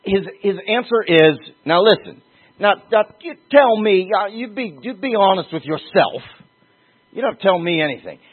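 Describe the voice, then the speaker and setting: A man preaching a sermon, emphatic, with sudden leaps in pitch and slowed-down stresses on key words. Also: expressive. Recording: husky voice over a tinny phone-like line.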